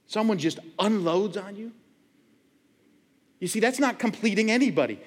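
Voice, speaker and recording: A middle-aged male pastor preaching a sermon, telling stories and acting out loud quoted voices. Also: high-pitched, husky. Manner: animated storytelling, acts out loud quoted voices. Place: church sanctuary. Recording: long hall reverb.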